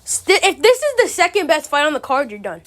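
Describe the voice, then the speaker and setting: A woman's voice: sits high, sing-song, a little fast. A woman giving casual, ranting commentary, exasperated and profane, full of slang. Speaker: MMA commentary channel host.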